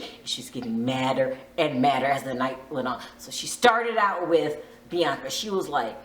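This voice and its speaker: A woman's voice: fairly low pitch, sing-song, moderate pace, pushed and bright. A woman vlogger giving a chatty, dramatic, gossipy recap. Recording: roomy echo.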